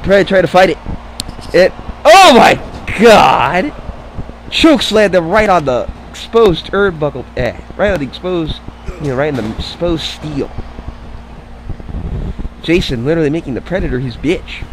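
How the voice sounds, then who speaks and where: A man calls a wrestling game match in loose, excitable play-by-play, his voice a bit higher than most and swinging widely in pitch. He curses freely and wanders into rambling side remarks. A faint hum of background noise sits under him. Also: normal speed, low-quality recording. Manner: excitable, cursing, rambling off-topic asides. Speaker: play-by-play commentator. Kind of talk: casual wrestling-game commentary.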